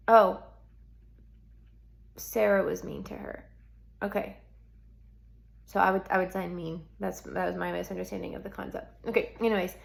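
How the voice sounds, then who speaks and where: A woman's voice: medium pitch, creaky. A woman teaching sign language for a script, explaining each sign in a chatty way with lots of "like" and "um". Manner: chatty, full of "like" and "um", thinks aloud. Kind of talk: casual instruction explaining signs for a script.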